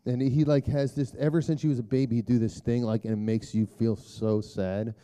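A man preaching a casual sermon, telling a story in a loose, conversational way with lots of fillers and throat clearing. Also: mid-range voice, steady tone, brisk, warm tone.

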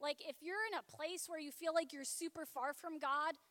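A woman giving a Catholic youth talk, telling a personal story in a lively, chatty way with lots of "like". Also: high voice, normal speed, dry recording. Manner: lively and chatty, frequent filler "like". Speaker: speaker at a Catholic youth event.

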